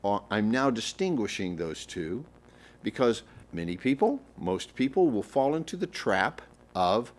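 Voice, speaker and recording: A man's voice: lowish voice, very animated, normal speed. A man giving a livestreamed teaching talk on relationships, emphatic and repetitive, often acting out example phrasings. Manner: emphatic, repeats and rephrases points; coaching, acts out example phrasings.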